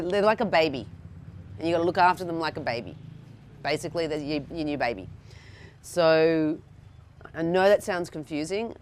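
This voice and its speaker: A woman's voice: low-pitched, slight background noise. A woman teaching a cooking workshop to a live group, chatty and checking in with the audience, often restarting her sentences. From Australia. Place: indoor workshop room with an audience.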